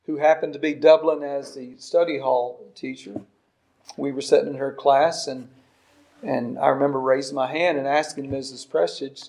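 A man in his sixties preaching a sermon, emphatic, with soft asides and loud stresses. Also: medium pitch, steady tone, moderate pace, a little hiss or hum. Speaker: pastor.

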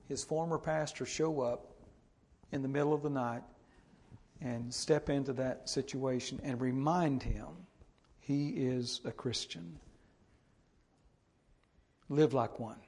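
A man's voice: mid-range voice, darkish tone. A middle-aged man, a pastor telling a story and exhorting in an earnest sermon. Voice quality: gravelly.

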